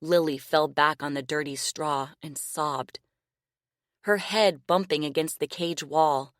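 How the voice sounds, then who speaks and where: A woman narrating a novel audiobook in a measured, expressive reading style. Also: sits low, no room sound, clean studio sound. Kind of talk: scripted narration.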